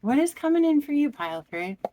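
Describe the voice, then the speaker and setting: A woman doing a pick-a-card tarot reading, speaking to the viewer in a slow, heartfelt and expressive way. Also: sits high. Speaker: tarot reader.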